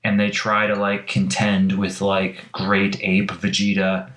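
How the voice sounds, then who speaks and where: A man's voice: deep voice, completely flat delivery, slow, a bit bright. A man in casual chat, recounting a story in a rambling, playful way full of filler words. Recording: echoey room.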